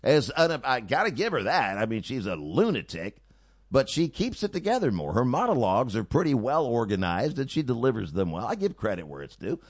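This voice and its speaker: A man's voice: mid-range voice, a little fast, husky, no echo, studio quality. Sarcastic male talk radio host. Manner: sarcastic, mocking, animated. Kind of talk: opinionated talk radio monologue. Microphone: studio mic.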